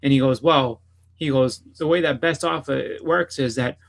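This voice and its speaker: A man's voice: mid-range voice, normal speed, gravelly, poor audio. A man on a casual podcast telling a long rambling story, repeating "I was like" and swearing freely. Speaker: podcast co-host.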